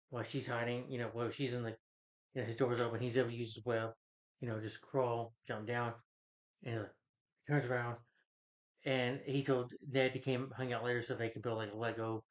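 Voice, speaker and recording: A man giving a casual, rambling movie review, retelling the plot with many fillers and putting on higher voices for the characters. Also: lo-fi sound. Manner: loose, filler-heavy retelling that jumps up in pitch for quoted characters.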